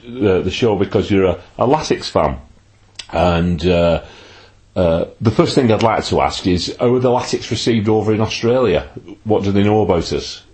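A man's voice: fairly low pitch, a little mellow. A man hosting a podcast, interviewing a guest in a jokey, chatty way with fillers. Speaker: podcast host.

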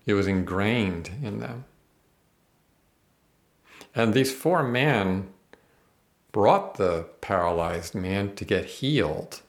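A man's voice: fairly low pitch, animated, slow, long pauses. A man teaching the Bible on a podcast, earnest and emphatic, reading verses aloud and explaining them.

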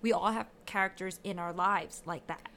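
A woman's voice: on the low side, normal speed, creaky, a bit bright, a little hiss or hum. A woman giving frank, emphatic opinions about movies in a casual conversation. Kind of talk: casual film discussion.

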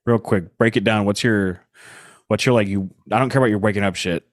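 A man's voice: lowish voice, fairly quick, no echo, clean studio sound. A man co-hosting a podcast, chatting casually, teasing and laughing a lot. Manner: lively, teasing, laughs often. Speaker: podcast co-host. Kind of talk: casual chat.

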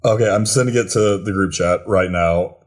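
A young man co-hosting a podcast, chatting casually and excitedly describing gifts he is opening. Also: low voice, normal speed. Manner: excited, swearing, laughing while describing gifts. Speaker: podcast co-host. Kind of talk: casual chat.

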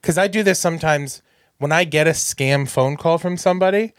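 A man's voice: fairly high pitch, fairly quick, dry recording, studio quality. A man co-hosting a casual podcast, telling stories with energy and acting out the phone calls he describes. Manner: animated storyteller, acts out phone calls. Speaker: podcast co-host. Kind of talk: casual chat.

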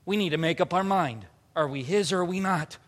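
A man in his thirties preaching a sermon, animated, moving from loud emphatic bursts to quiet earnest passages. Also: sits high, fairly quick, in a large hall. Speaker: pastor.

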